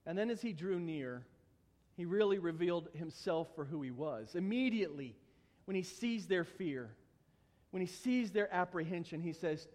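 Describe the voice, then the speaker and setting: A man's voice: high-pitched, animated, moderate pace, a little mellow. A man preaching a sermon in a church, earnest, with stumbling repetitions and humorous asides. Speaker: pastor. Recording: long hall reverb.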